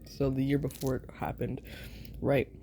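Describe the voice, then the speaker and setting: Woman, whispered role-play storyteller, rambling, giggly, very mellow, low voice, slow pace. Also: level tone, slight background noise. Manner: rambling, giggly, full of fillers. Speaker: ASMR storyteller.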